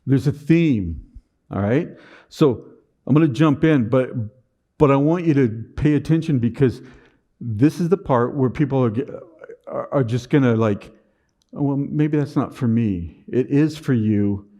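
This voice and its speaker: This man's mid-range voice is dark-toned and unhurried, heard through lo-fi sound. He's on a conference stage giving a motivational talk laced with sarcastic, dry wit, repeating words as he launches into sentences.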